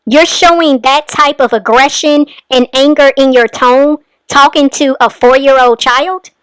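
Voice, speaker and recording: A woman's voice: high-pitched, fairly even intonation, a little slow, a bit bright, no room sound. A woman hosting a reaction commentary, talking in an indignant, emphatic way about a clip she is playing. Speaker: commentary host.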